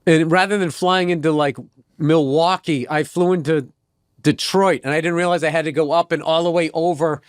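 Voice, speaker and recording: A man trades stories in a casual sit-down chat, swearing freely and wandering into asides. He slips into voices for the people in his tales. His voice sits fairly high and sounds dry and close. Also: fairly even intonation, moderate pace, no room sound. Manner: rambling, profane, trails off into asides. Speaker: stand-up comedian, interview guest.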